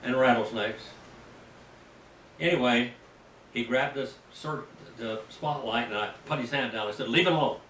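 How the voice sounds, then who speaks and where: An older male pastor spins a folksy story from the pulpit, his voice jumping into loud outbursts. He stands away from the mic in a roomy space, with a faint hum of noise behind him. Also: medium pitch, unhurried, pauses often, recorded from a distance. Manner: folksy, animated storytelling with sudden loud bursts. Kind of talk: storytelling sermon. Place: mission field, preaching to a group.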